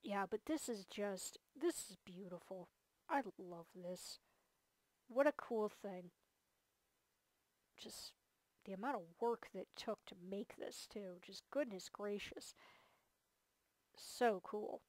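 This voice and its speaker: A woman narrates a casual gameplay tour, gushing about everything she sees and stacking up fillers as she goes. Her voice sits at a middle pitch and sounds tired. The close mic gives a dry, dead sound with no room around it. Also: slow pace, pauses often, a little mellow, no room sound. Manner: enthusiastic and gushing, many fillers. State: tired, yawning. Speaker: host of a multiplayer game series.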